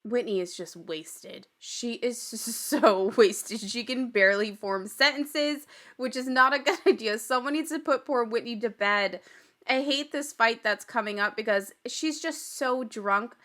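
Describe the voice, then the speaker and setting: A woman recaps a reality show on her podcast in a chatty, gossipy way, her voice sitting a little high. She talks casually and often slips into laughter. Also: unhurried, fairly bright tone. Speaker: podcast host.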